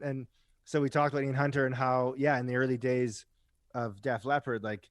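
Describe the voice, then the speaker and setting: This mid-range male voice holds a level tone at normal speed, with no room sound. He's a rock musician guesting on a podcast, spinning stories in a casual, chatty way, often tacking "right?" onto his lines and swearing now and then.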